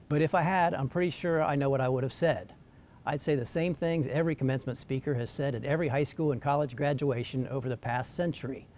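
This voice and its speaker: A man reads his weekly commentary in a wry, deadpan manner, letting dry jokes land without fuss. His voice sits at an ordinary middle pitch. A faint low rumble hums under the recording. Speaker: columnist giving weekly commentary. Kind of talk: scripted dry-humored commentary.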